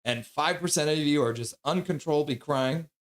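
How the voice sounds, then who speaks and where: A man's voice: a little high, normal speed. A chatty man hosts a casual livestream with a slightly raised voice. He is sassy and joking, and sounds a bit sleep-deprived as he reads out donations. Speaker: livestream host.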